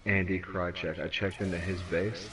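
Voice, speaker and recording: A man's voice: low-pitched, flat delivery, normal speed, far from the mic. A man co-hosting a casual gaming stream, rambling and swearing, often restarting his sentences. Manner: rambling, profane, frequent restarts. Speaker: stream co-host.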